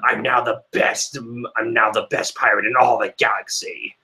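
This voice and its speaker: Man voicing a brash young pirate, loud bragging shouts, cartoon parody. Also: medium pitch, steady tone, normal speed, pitched below the performer's own voice. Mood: boastful. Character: boastful young male pirate with shark teeth.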